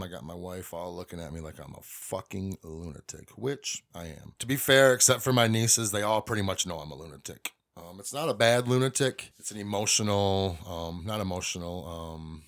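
A man's voice: low voice, fairly bright tone. A middle-aged man hosting a podcast, talking through a personal story in a rambling, profane, confessional way. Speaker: podcast host. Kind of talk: casual monologue.

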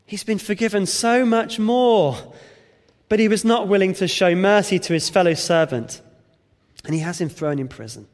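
High-voiced preacher in a reverberant hall. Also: male voice, normal speed. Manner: expository, emphatic, rhetorical questions. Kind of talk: sermon.

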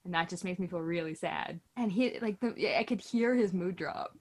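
A woman's voice: fairly low pitch, moderate pace, a little mellow, breathy edge. A woman co-hosting a casual podcast about knitting, chatty and self-deprecating, often laughing. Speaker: podcast co-host. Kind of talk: casual chat.

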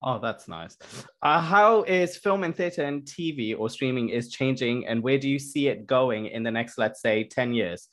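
A man hosting a podcast, asking quick questions and setting up improv games with short, brisk acknowledgements. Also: mid-range voice, fairly bright tone. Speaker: podcast host. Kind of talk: casual interview.

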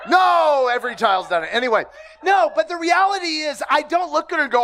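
A man preaching a sermon to a congregation, lively and humorous, breaking into laughter and shouted exclamations while asking questions of his listeners. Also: very high-pitched, moderate pace. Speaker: pastor.

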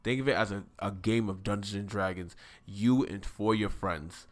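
A man's voice: fairly low pitch, normal speed. A man co-hosting a casual anime talk, telling the story with lots of slang and swearing. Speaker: podcast co-host.

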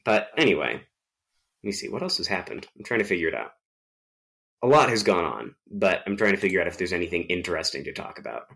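Rambling low-voiced man, chatting. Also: fast, gravelly. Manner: rambling, animated storytelling with many fillers. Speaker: podcast co-host. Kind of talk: casual chat.

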